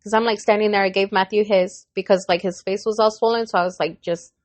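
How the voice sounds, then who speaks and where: Woman, mid-pitched voice, bold voiced quotes, swearing, dry room. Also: quick pace, no echo. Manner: blunt, profane, animated storytelling with voiced quotes. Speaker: podcast co-host. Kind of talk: casual chat.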